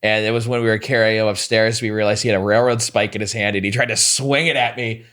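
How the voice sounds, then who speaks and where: A man's voice: lowish voice, fairly even intonation, fast, fairly bright tone. A man, a comedian guest on a podcast, telling stories animatedly and slipping into quoted voices. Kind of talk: casual chat.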